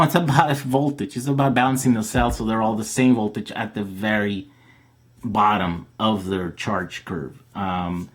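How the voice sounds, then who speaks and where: A man with a somewhat low voice hosts a live question-and-answer stream. He talks loosely and casually, with lots of fillers and restarts as he works through viewer questions. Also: breathy edge.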